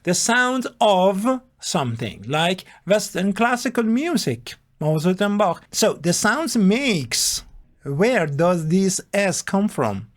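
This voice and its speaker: Slow, lively-pitched teacher. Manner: slow, deliberate, spells out letters and abbreviations. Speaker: English teacher. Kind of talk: grammar lesson explaining a text.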